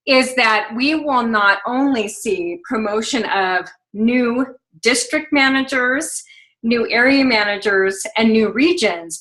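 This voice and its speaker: Peppy woman hyping up her sales team on a call, highish bright voice, lots of ums. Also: low-quality recording. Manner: upbeat, gushing, many fillers. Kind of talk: motivational conference call. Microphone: phone.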